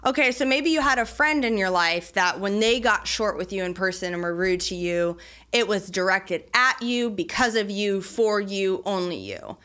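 A young adult woman hosting a solo podcast, talking in a chatty, animated way about faith and everyday life. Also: mid-range voice, normal speed. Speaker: podcast host. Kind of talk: casual solo podcast talk.

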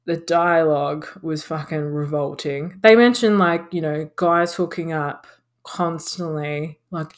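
A woman's voice: deep voice, a little slow. Sarcastic swearing woman podcast co-host. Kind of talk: casual film review chat.

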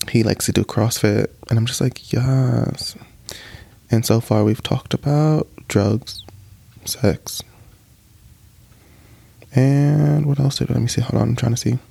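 A young man talks casually to his camera in a sassy, animated way, cursing freely and jumping into playful high-pitched asides. His voice is dark and gravelly with a lot of fry. The recording is dry and close, with no room echo. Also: slow pace, long pauses. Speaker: vlogger.

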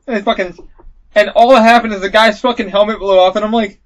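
A man hosting a podcast in casual chat, excitable and swearing a lot, acting out game moments with loud yelps. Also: high-pitched, quick pace. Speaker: podcast host. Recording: dull lo-fi podcast audio.

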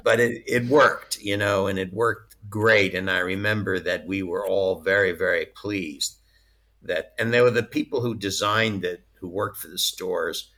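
A man's voice: low-pitched, fairly even intonation, measured pace, bright, forceful tone. A man being interviewed as a former studio licensing executive, telling chatty stories and often laughing mid-story. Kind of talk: casual anecdotal storytelling.

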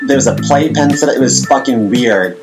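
A man's voice: mid-range voice, brisk, gravelly, loud music behind the voice. A man co-hosting a podcast, telling stories animatedly and acting out quotes. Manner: animated storyteller, acts out quotes. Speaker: podcast co-host. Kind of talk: casual podcast storytelling.

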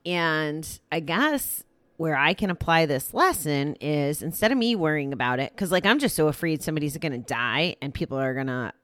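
A woman's voice: deep voice, expressive, moderate pace, a bit bright, dry recording. A young woman reading a daily recovery passage, then thinking aloud in a candid, rambling way with lots of "like" and restarts. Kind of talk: reading aloud then casual reflective talk.

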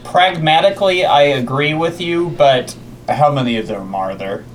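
A man's voice: on the high side, normal speed, a little hiss or hum. Give me a blunt man who swears casually while playing a tabletop game. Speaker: player.

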